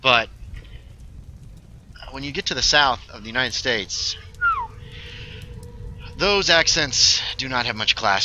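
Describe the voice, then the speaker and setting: A man's voice: mid-range voice, lively intonation, slow pace, long pauses, pushed and bright, soft background music, low-quality recording. A man chatting casually while streaming a story game, joking with his viewers. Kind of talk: casual gaming livestream commentary.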